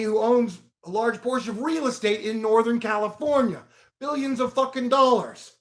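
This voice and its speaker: Male vlogger, high voice, profane rambling monologue with loud outbursts. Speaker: video blogger.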